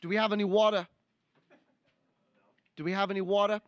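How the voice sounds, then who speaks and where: A young man voices a fuming older senator, Brooklyn-born and lecturing, for a comic impression. He sits high in his register and hammers the same complaints again and again. The sound is close and dry, with no room around it. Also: little pitch movement, a little fast, clean tone, no echo, highs cut off, natural voice. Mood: fussy. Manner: ranting, finger-wagging, repeats outrage lines. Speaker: student livestream presenter.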